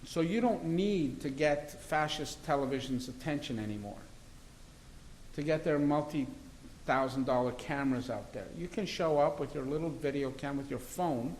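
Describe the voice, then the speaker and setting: A man's voice: fairly high pitch, moderate pace, darkish tone, a little hiss or hum, poor audio. A man, a criminal defence lawyer, talking in an interview in an assertive, argumentative and emphatic way. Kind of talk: interview conversation.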